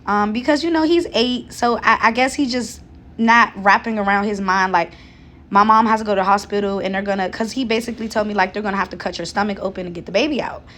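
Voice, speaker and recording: A woman's voice: medium pitch, fast talker, fairly bright tone. A pregnant woman in her thirties telling a personal story in a casual vlog, earnest and talkative, with many fillers and restarts. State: seven months pregnant. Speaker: vlogger.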